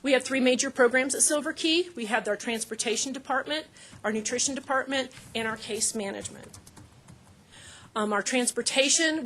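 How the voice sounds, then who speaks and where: A woman, a nutrition services manager, giving a presentation at a council meeting in a halting way with many fillers and restarts. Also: fairly high pitch, fairly bright tone, a little hiss or hum. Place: meeting room.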